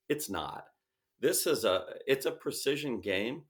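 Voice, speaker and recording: A man speaking as an interview guest, emphatic and animated, often switching into quoted voices to make his point. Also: medium pitch, measured pace. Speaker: sales expert guest. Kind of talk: conversational interview.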